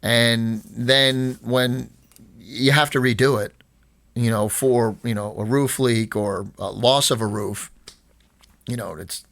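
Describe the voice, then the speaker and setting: A man's voice: medium pitch, steady tone, takes it slowly, vocal fry, a bit bright, no echo. A man telling a long story in casual chat, rambling with many restarts and fillers. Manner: rambling, many restarts and fillers, retells exchanges with quoted dialogue. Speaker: skatepark owner, podcast guest.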